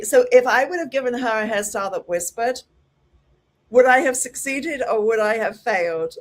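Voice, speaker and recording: A middle-aged woman teaching a hairdressing class, animated and acting out her clients with lively exclamations. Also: fairly high pitch, normal speed. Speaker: hairdressing educator.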